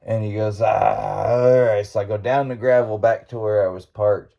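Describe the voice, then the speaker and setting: A man's voice: lowish voice, steady tone, fairly quick, lo-fi sound. A male podcast host casually retelling a friend's ghost story, rambling and often laughing as he quotes his friend.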